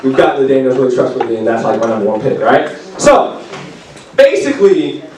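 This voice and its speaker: A man giving a casual youth sermon to junior high students, talking in a loose, playful storytelling way full of "like" and quick asides. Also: big pitch swings, darkish tone, slight background noise. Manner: chatty, filler-heavy, playful storytelling. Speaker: youth pastor. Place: youth group meeting room. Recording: echoey room from far off.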